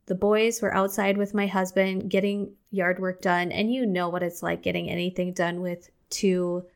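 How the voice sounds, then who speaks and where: A woman's voice: flat delivery, moderate pace, creaky, smooth. Chatty young woman hosting a podcast. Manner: candid, chatty, acts out her own outbursts in a higher voice. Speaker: podcast host. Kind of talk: casual solo podcast talk.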